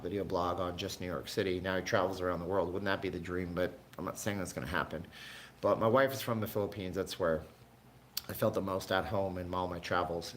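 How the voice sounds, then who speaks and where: A man originally from Canada hosts a relaxed livestream from his home, drifting from one thought to the next as he answers his viewers. His voice sits on the low side, with a faint hiss behind it. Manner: rambling, chatty, answers viewers' chat. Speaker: livestream host. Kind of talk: casual livestream chat.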